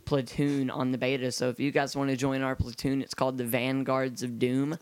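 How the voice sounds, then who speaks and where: A man's voice: mid-range voice, level tone, a little fast, clean tone, no room sound. A man co-hosting a casual gaming podcast, his speech hampered by metal in his mouth, rambling with lots of ums and uhs. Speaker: podcast co-host.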